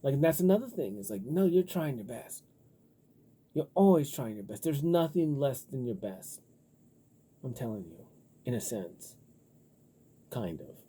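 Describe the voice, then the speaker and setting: Very dark, husky-voiced man rambling. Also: medium pitch, a little slow, pauses often. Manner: profane, loose and rambling, heavy on filler words; animated when riled up. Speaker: vlogger. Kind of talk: rambling casual monologue.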